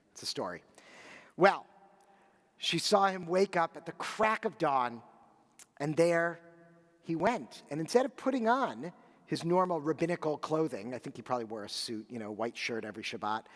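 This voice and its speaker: A man leading Shabbat services, telling a story with animated asides to the children and reading names for remembrance. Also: mid-range voice, in a large hall. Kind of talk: storytelling sermon and liturgy.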